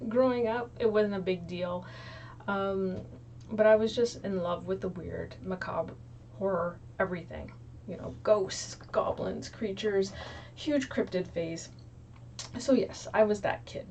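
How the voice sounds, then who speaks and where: A woman's voice: mid-range voice, measured pace, darkish tone, slight background noise. A young woman chatting casually to her viewers, filling her talk with ums and likes, recorded in a small room. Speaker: YouTube creator. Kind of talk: casual chat to camera. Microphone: low, distant mic. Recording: distant mic in small room.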